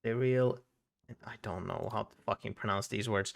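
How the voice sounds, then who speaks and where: A man's voice: on the low side, steady tone, a little fast, gravelly, a bit bright. A man streaming a game, casual commentary with cursing and joking asides. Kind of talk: casual let's play commentary.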